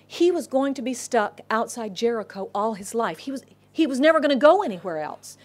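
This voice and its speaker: Animated woman pastor preaching a sermon. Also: on the high side, fairly quick. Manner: animated storytelling, acting out crowd voices; drops to a whisper for inner thoughts.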